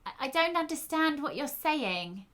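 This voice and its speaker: A woman voicing a flustered London woman apologising to her neighbour, speaking loudly with over-enunciated words and halting broken Italian. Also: sits high, pitched above the performer's own voice, exaggerated voice.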